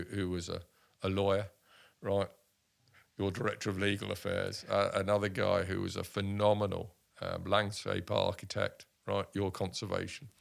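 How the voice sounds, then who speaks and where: A man in his sixties from the United Kingdom, an army veteran telling stories in an interview, animated and full of restarts. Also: low-pitched, gravelly. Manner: animated anecdotes with many restarts and voiced quotes. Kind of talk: casual storytelling interview.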